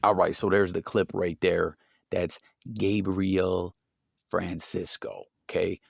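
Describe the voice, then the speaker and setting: A man's voice: low-pitched, little pitch movement, takes it slowly, vocal fry, no room sound, studio quality. A man hosting a casual commentary video, talking straight to his viewers and asking them to comment. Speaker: commentary host.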